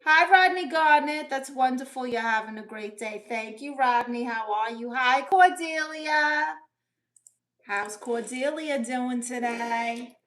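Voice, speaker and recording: A woman's voice: high voice, slow, fairly bright tone. A woman playing a sassy, doting middle-aged aunt on a comedy livestream, greeting viewers and reading chat aloud with big swoops in her voice. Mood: chatty. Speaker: livestream host in character. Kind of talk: live-chat comedy stream. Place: bedroom.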